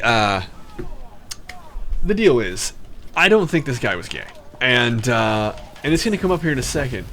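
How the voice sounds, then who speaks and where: A man's voice: medium pitch, noisy background. Rambling, profane male streamer. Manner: rambling, profane, with asides to chat. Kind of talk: casual storytelling on a live stream. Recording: clear music in the background.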